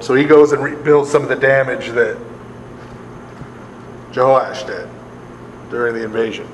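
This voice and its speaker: A man's voice: medium pitch, fairly even intonation, normal speed, pauses often, slight background noise. Man teaching a Bible study in a hall. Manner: conversational, laughs often, checks in with "right?" and "okay?". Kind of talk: live Bible study lecture. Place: large hall with a live group.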